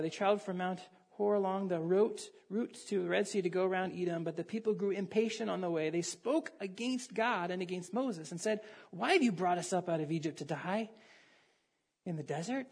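Preacher, husky tone, relaxed conversational sermon, reads scripture and quizzes the room. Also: mid-range voice. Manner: conversational, asks the listeners questions and reads scripture aloud. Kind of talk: sermon with Bible reading.

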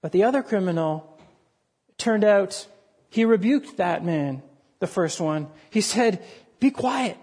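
An earnest preacher in the middle of a sermon to a congregation, pressing each point with emphasis. The voice sits at a middling pitch, neither high nor low. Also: a little slow, darkish tone, slightly rough.

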